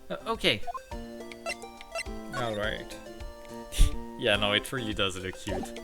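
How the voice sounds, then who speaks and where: Male game streamer, casual profane commentary, low pitch, unhurried pace. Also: fairly even intonation. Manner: swears and laughs freely, reads game dialogue aloud. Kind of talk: casual let's-play commentary. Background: game music.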